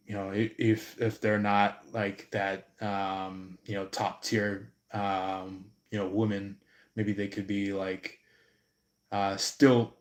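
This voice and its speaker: A man giving an intuitive reading on a live stream, slow and halting, with many fillers and restarts. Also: fairly low pitch, roomy sound. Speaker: tarot reader.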